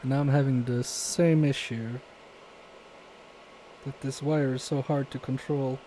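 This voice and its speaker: A man's voice: medium pitch, steady tone, a little slow, mellow, slight background noise. A man from Poland, talking through a fiddly repair on a livestream with self-deprecating asides. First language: Polish. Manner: muttering asides while working, self-deprecating. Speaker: repair streamer. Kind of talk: live repair commentary.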